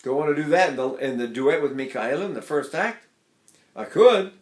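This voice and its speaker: A man's voice: fairly high pitch, expressive, normal speed, roomy sound. An older man giving a singing lesson, explaining technique in a folksy, chatty way and checking in with "right?" and "see?". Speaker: voice teacher. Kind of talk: singing lesson with sung demonstrations.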